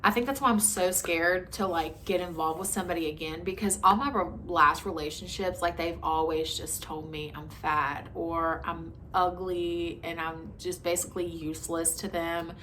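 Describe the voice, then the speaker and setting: A woman in her twenties vlogs a frank personal story in a chatty style heavy with "like" and "um." Her fairly low, bright, forceful voice keeps a fairly even intonation and moderate pace with few pauses. Slight background noise is present.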